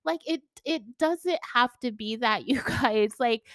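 A woman's voice: fairly high pitch, measured pace, fairly bright tone, dry recording. A woman hosting a casual solo podcast from home, talking in a bubbly, effusive, giggly way and filling her speech with "like" and "you guys.". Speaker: podcast host. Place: at home indoors.

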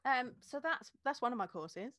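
A woman's voice: sits high, expressive, normal speed, a bit bright, no echo, studio quality. A woman who teaches beer tasting, a guest in a casual interview, explaining with energy and laughing often.

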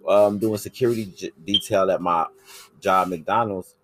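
Very deep-voiced man, brash and profane. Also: normal speed. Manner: brash, profane, animated storytelling. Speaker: podcast host. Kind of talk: casual chat.

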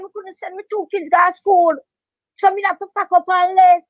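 High-voiced older Jamaican woman storyteller. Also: moderate pace, no echo. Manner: animated patois storytelling, emphatic repetition. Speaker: veteran dancehall DJ, guest. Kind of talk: storytelling interview. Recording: dry, dull lo-fi sound.

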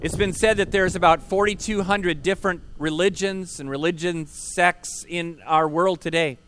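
A man's voice: sits high, fairly even intonation, normal speed, a bit bright, clear, resonant tone. A man, a pastor preaching a sermon at an outdoor park service, earnest and emphatic, asking rhetorical questions and repeating key words.

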